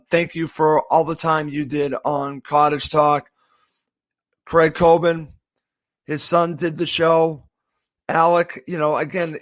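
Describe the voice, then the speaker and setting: A man from the area, hosting a podcast and giving an emotional farewell, halting and full of thanks. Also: on the high side, no room sound. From Boston area, USA. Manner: halting, with repeated thanks and restarts. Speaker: podcast host. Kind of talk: heartfelt farewell monologue.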